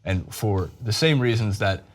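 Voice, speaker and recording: A man's voice: fairly low pitch, measured pace, a little hiss or hum. A man hosting a sports talk show, breaking down a football game in casual, jokey banter. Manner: animated, jokey, breaks into laughter.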